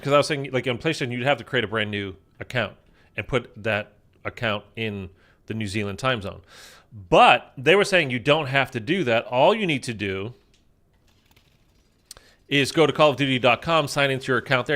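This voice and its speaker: A man with a mid-range voice and sharp tone gives casual gameplay commentary as a gaming YouTuber. He rambles with lots of fillers while playing a zombie shooter.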